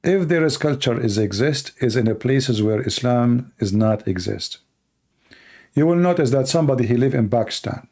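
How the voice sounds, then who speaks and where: A man's voice: medium pitch, lively intonation, moderate pace, darkish tone, breathy edge. A man answering viewer questions in a casual monologue, blunt and opinionated, often repeating words as he goes.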